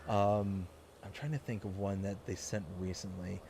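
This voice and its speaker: A man live-streams a farming game, chatting casually, reading viewer comments aloud and rambling through stories with frequent laughter. His lowish, warm voice is level at normal speed with some vocal fry, and there's slight background noise.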